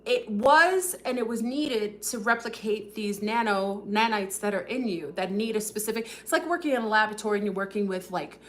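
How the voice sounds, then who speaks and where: A woman hosting a casual livestream, talking fast and rambling with many fillers while addressing her viewers directly. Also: mid-range voice, a little hiss or hum. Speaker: livestream host.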